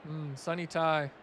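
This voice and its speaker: Young male streamer, high and bright, casual excitable play-by-play, faint background noise. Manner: excitable, rising loud on big plays, chatty asides to chat. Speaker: stream commentator.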